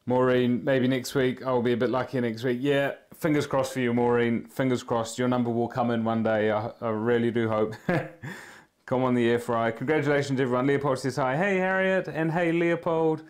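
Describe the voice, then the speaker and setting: A man with a New Zealand accent hosts a live prize draw, chatting easily with the viewers. His voice sits at an ordinary middle pitch. He keeps up a loose, friendly commentary while he reads out numbers. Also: flat delivery, fairly quick, hardly any pauses, darkish tone. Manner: chatty, easygoing, talks to viewers in the chat while working.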